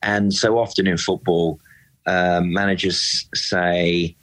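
A man talking about football as a passionate fan, emphatic and animated, often repeating words as he builds his point. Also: deep voice, slow, rough recording. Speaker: football pundit and club fan. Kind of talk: impassioned casual discussion.

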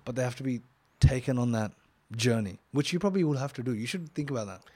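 A man with a mid-range voice hosts a casual podcast conversation, talking fast and chiming in with steady "yeah"s between his own stories. His voice is dry and close to the mic. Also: mid-range voice, dry recording. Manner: chatty, back-channels "yeah" a lot, drops into quoted anecdotes.

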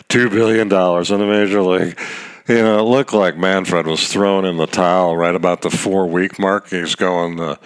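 A middle-aged man with a very low, deep voice hosts a solo podcast. He talks in a loose, rambling, wisecracking way, like casual chat about the game. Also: a bit bright, clean tone. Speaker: podcast host. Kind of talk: casual solo baseball commentary.

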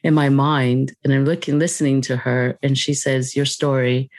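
A woman guest on a podcast, telling a personal story in a reflective, unhurried way with soft laughs. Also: a bass voice, little pitch movement, no room sound.

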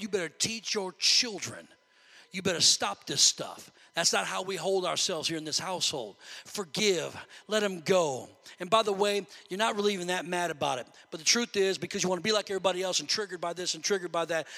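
In a sanctuary with the long reverb of a large hall, a pastor preaches a sermon. His voice is high and bright, and his animated delivery builds to near shouts at its high points.

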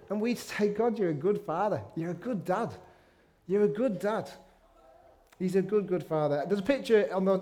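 A middle-aged man preaching a sermon in a church, conversational and warm-humoured with self-deprecating asides. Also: sits high. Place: church meeting room.

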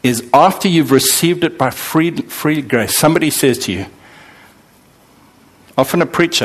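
A man's voice: a little high, normal speed, long pauses. A man preaching a sermon to a congregation, asking them questions and answering them himself, and acting out the voices of worried believers. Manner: animated, acts out voices of believers and God. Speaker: pastor.

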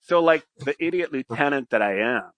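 Middle-aged man, podcast guest, lively bright voice, dry close mic, crude animated storyteller. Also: medium pitch, a little fast, no echo. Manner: animated, crude, frequent "right?" tags. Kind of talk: casual storytelling.

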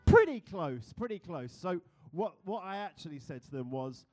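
A man's voice: on the high side, big pitch swings, normal speed, a little mellow, no echo, studio quality. A young British man preaching a sermon, playful and chatty, who laughs easily and leads the congregation in a game. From Britain. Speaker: pastor.

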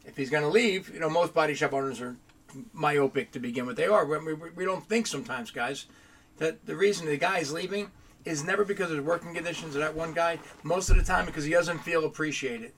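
A man who owns a body shop, chatting casually on a podcast and acting out his own stories with lively quoted dialogue. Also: on the high side, a little fast, a little hiss or hum. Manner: animated storyteller, acts out dialogue.

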